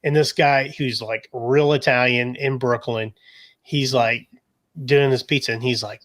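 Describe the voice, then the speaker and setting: A young adult man co-hosting a casual podcast, excitable and chatty, calling his friend dude and man. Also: medium pitch, measured pace, no echo, clean studio sound. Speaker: podcast co-host. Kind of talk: casual chat.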